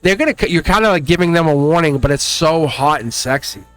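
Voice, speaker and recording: A man giving a casual, rambling tarot reading, talking excitedly and directly to the viewer. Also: fairly high pitch, fairly quick, soft background music. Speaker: tarot card reader.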